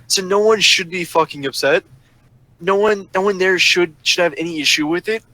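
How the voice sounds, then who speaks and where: A man launches into a long, profane rant about a roleplay server, casual and sarcastic, with flares of anger. His voice is high-pitched, bright and forceful at normal speed, in a rough recording.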